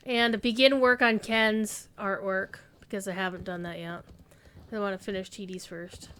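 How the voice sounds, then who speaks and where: A woman's voice: mid-range voice, unhurried, a bit bright. A woman streaming a game, chatting casually and rambling as she thinks aloud. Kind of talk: casual gaming stream chat.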